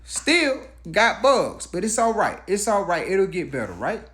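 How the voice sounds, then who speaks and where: A man's voice: high voice, very animated, a little slow, a bit bright. A man telling a personal story in a casual, conversational way, with rhetorical asides.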